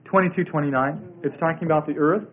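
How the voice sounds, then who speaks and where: A man's voice: a little high, fast talker. A man teaching a Bible study in a sermon style, emphatic and repeating his key words. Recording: tinny phone-like radio broadcast.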